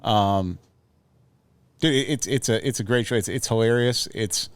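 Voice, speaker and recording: A man's voice: fairly low pitch, moderate pace, clear, resonant tone, no room sound. A man co-hosting a podcast, chatting casually and telling a long, stammering story. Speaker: podcast co-host. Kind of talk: casual chat.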